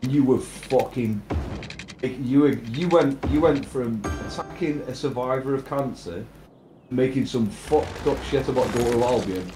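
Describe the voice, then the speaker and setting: A man's voice: medium pitch, measured pace, music in the background. A man in heated casual chat, angrily defending himself and swearing emphatically. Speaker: streamer and father. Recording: roomy with clear background noise.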